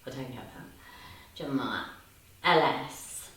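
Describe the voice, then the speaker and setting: A woman's voice: very deep voice, takes it slowly. A woman in her fifties chatting casually on a livestream, reading out and answering viewer comments, laughing often. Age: 50s. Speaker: livestream host. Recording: echoey room, distant from mic, faint hiss.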